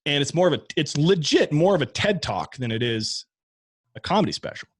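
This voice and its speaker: A man's voice: fairly high pitch, expressive, fairly quick, husky, no room sound. A man talking candidly about learning stand-up comedy, rambling with restarts and casual swearing. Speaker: podcast guest, stand-up comic. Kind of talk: casual conversation.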